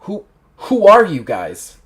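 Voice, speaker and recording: A man's voice: high-pitched, wildly swooping pitch, takes it slowly, pitched above the performer's own voice, exaggerated voice. A man voicing a frightened, unarmed female doctor, asking anxious, confused questions. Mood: alarmed.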